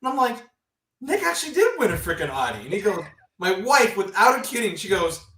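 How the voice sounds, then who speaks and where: Man, golf podcast host, lively pitch, bright edgy voice, distant roomy mic. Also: brisk. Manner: animated storyteller, swears freely, acts out quotes. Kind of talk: casual golf chat. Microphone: remote stream mic.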